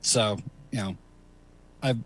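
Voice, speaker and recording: A man's voice: lowish voice, takes it slowly, a bit bright. A middle-aged man hosting a casual comedy chat, rambling with fillers and laughing often. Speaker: host.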